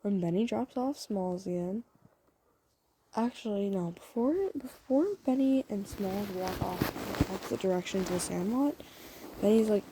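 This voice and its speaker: A woman's voice: medium pitch, normal speed, dark tone, slight background noise, low-quality recording. A woman telling a romantic fan story to the listener in a chatty, rambling way full of fillers. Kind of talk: casual spoken fan story.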